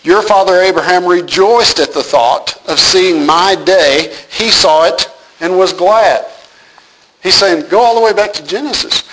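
A man's voice: high voice, a bit bright, a little hiss or hum, rough recording. A man teaching a Bible passage, reading verses aloud and explaining them with humor and rhetorical questions.

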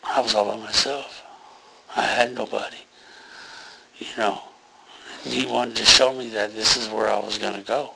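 A man's voice: fairly low pitch, steady tone, normal speed, vocal fry, pauses often, heavy background noise. A man giving an earnest, rambling personal testimony about a near-death experience, full of fillers and restarts.

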